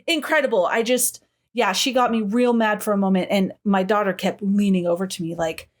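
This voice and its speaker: A middle-aged woman talks casually on a podcast, swearing freely and playing out her reactions in quoted asides. Her pitch sits in a typical middle range for a woman. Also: fairly even intonation, brisk. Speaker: podcast co-host. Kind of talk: casual chat.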